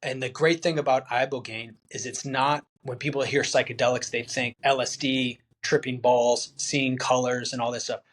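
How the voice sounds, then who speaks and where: A man's voice: mid-range voice, steady tone, moderate pace, few pauses, fairly bright tone. A man talking candidly as a podcast guest and veteran, earnest and plain-spoken, acting out his friends' words as he tells the story. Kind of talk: candid interview conversation.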